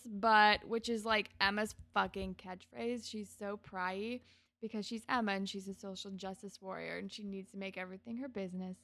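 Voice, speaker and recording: Bright-voiced giggly woman podcaster. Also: medium pitch, fairly even intonation, normal speed, dry recording. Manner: giggly, retells scenes by acting out lines. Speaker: podcast co-host. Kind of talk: casual chat recapping a TV episode.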